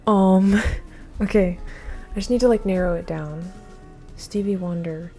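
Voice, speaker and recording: A woman's voice: mid-range voice, normal speed, mellow, faint music behind. A woman thinking aloud while taking a timed trivia quiz, flustered and muttering, with many hesitations. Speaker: quiz video creator.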